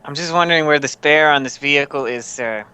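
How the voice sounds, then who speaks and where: A man's voice: fairly high pitch, fairly quick, pushed and bright, smooth, no echo. A man playing a tabletop game in character, speaking in a stiff, overly formal way. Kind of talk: in-character role-play.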